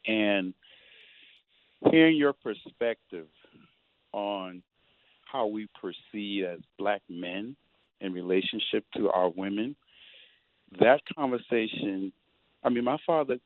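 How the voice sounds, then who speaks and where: A man's voice: on the low side, animated, slow pace, pauses often, no room sound. A man calling in to a radio show, effusive and emotional, stopping and restarting as he thanks the guest. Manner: effusive, emotional, starts and stops. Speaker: caller. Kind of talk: call-in radio. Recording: tinny phone line.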